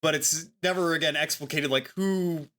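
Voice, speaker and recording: A man's voice: fairly high pitch, steady tone, normal speed, a bit bright. A man co-hosting a book podcast, musing thoughtfully in casual chat with many fillers. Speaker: podcast co-host.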